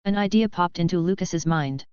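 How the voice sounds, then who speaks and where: Smooth low-voiced woman narrating a story. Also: moderate pace, a little mellow, dry recording, lo-fi sound. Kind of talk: audiobook narration of a web novel.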